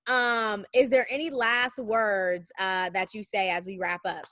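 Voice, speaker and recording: A woman's voice: medium pitch, little pitch movement, unhurried, sharp tone, dry recording. A woman hosting a podcast over a video call, effusive and enthusiastic, repeating phrases for emphasis. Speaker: podcast host. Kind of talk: casual video-call interview.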